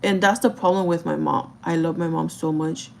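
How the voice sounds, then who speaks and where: A woman's voice: low-pitched, steady tone, normal speed, vocal fry, a little mellow, slight background noise. Chatty woman in her thirties rambling. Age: 30s. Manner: rambling, full of "like" and "you know". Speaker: vlogger. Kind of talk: casual storytime chat.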